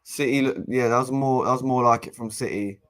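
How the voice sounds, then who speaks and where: A young man giving casual live match commentary as a fan co-host, excitable and exasperated, with frequent restarts. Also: medium pitch, a little fast. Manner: excitable and exasperated, swears, repeats and restarts phrases.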